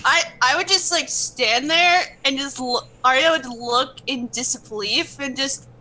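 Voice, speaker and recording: Sex: woman. Role: tabletop player. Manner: soft, hesitant. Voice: high and strikingly bright. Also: unhurried, low-quality recording. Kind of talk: casual tabletop role-play.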